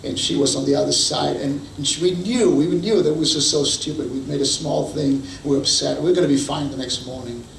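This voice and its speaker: Pastor preaching in an echoey hall. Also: male voice, a little high, a little fast, hardly any pauses. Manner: storytelling, acts out quotes. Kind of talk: sermon. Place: church hall. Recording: echoey hall, distant mic, faint noise.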